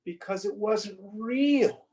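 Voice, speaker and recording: A male spiritual teacher speaking over a video call, his voice a bit high and his pace slow and unhurried. He tells parables deliberately and leans on rhetorical questions to make his point. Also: warm tone, rough recording. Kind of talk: scripture lesson with storytelling. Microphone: video call recording.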